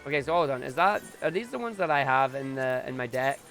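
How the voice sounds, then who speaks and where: A young man chatting casually on a live stream, excitable and prone to loud bursts of enthusiasm. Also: medium pitch, fast talker, faint music behind.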